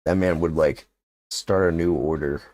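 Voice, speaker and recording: A man's voice: very deep voice, steady tone, normal speed, a little mellow. A young man chatting casually on a livestream, rambling and joking with lots of filler words. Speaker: streamer.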